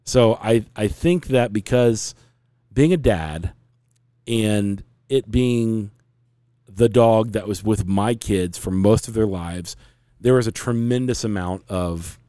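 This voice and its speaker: A man's voice: lowish voice, slow pace, mellow, smooth, no echo, studio quality. A man in his forties, hosting a podcast and earnestly telling a long, rambling personal story in casual conversation.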